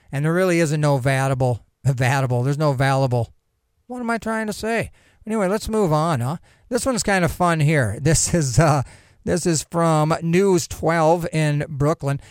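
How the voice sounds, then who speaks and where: High-voiced rambling joking man. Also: clean tone, no room sound, clean studio sound. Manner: rambling, joking, self-interrupting. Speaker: podcast host. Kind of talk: casual solo commentary, reading news aloud.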